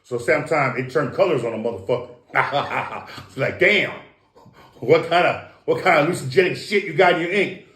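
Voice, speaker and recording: A man's voice: fairly high pitch, a little fast, a bit bright. A man of Samoan heritage, a guest talking in a casual, rambling monologue, profane and preachy, repeating and restarting his words. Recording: roomy echo.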